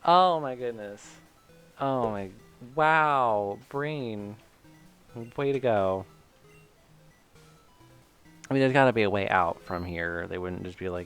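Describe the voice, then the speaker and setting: A man's voice: lowish voice, slow pace, long pauses, faint music behind. A man from Michigan chatting casually while streaming a video game, rambling and self-mocking with lots of fillers. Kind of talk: casual let's-play commentary.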